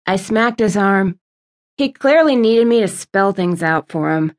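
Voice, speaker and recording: A woman reading a first-person fantasy audiobook, narrating with lively, exasperated dialogue. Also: medium pitch, unhurried.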